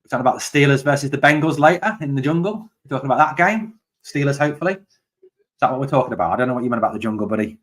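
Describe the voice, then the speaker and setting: A man hosts a live watch-along of a football match, calling each pass and tackle as it happens. He chats casually with viewers about their comments between plays. When his side lets him down, he shouts at them in exasperation. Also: medium pitch, animated, rapid-fire. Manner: chatty, reads out and answers viewer comments. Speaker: fan channel host.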